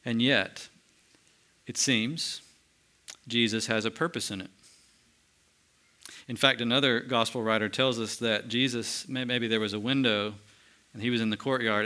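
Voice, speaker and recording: A man preaching a sermon, moving between lively emphasis and hushed, slow solemn passages. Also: medium pitch. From United States. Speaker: pastor.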